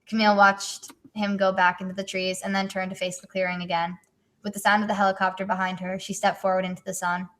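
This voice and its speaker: A teenage girl author reads her own story aloud in a casual chat, speaking fast in a medium-pitched, slightly bright voice with a level tone. She's also a co-host, and she's giggly, adding joking asides as she reads.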